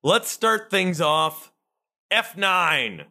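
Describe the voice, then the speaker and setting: A man co-hosting a casual movie podcast, his voice bright and forward and sitting a little high for a man. He jokes constantly and trips over restarts and fillers as he talks. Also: big pitch swings, extremely slow. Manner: joking, stumbling with many filler restarts. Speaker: podcast co-host. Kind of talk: casual movie-review chat.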